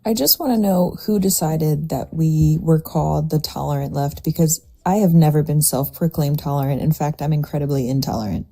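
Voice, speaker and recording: A woman's voice: deep voice, normal speed, creaky, hardly any pauses, dark tone. A woman filling in as a panelist on a livestream, speaking bluntly and sardonically. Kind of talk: casual livestream chat.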